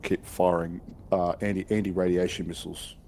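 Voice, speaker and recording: A man's voice: low voice, level tone, a little fast, gravelly, a little mellow, a little hiss or hum. A man rambling through an explanation in casual gaming chat, restarting as he goes. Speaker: fellow gamer.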